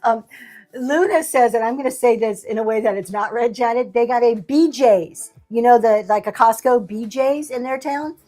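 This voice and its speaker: A woman's voice: on the high side, moderate pace, warm tone. A middle-aged woman hosting a livestream sale, chatting casually with a sassy, laughing manner. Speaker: livestream seller host. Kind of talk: casual chat.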